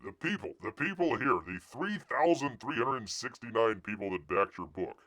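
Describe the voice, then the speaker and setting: A man hosting a casual live stream, ranting with loud outbursts and muttered asides. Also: medium pitch, expressive, normal speed. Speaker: livestream host.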